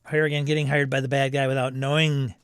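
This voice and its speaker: A man's voice: mid-range voice, flat delivery, quick pace, smooth, no echo, clean studio sound. A man hosting a live stream, chatting casually, reading viewer comments aloud and laughing often. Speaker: livestream host reading chat. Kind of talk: casual chat.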